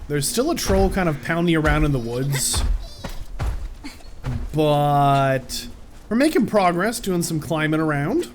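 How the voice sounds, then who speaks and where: A man commenting on a game as he plays it, joking and reacting with sudden excited yelps. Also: on the high side, unhurried, soft background music. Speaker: gameplay commentator. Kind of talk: let's-play commentary.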